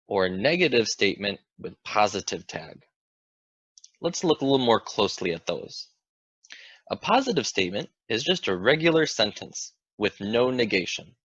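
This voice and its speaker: A man's voice: medium pitch, a bit bright, slightly rough, no echo, dull audio. A man teaching an English grammar lesson, explaining patiently and asking the viewer questions.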